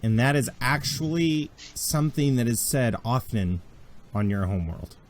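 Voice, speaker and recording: A man's voice: medium pitch, moderate pace. A man narrating a tabletop role-playing game as game master, in a jokey, casual way. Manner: lively, jokey, swears casually.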